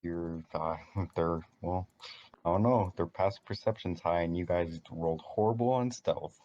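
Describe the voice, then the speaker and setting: Brief: deep-voiced male game master, casual halting narration, muffled lo-fi sound. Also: mellow.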